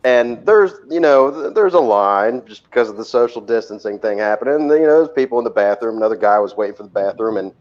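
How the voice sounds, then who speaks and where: A man telling a funny story to friends on a video call, laughing often and shouting out the lines he quotes. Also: lowish voice, quick pace, few pauses. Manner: animated, laughs a lot, acts out loud quotes. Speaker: guest on a live stream. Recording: dull lo-fi call audio.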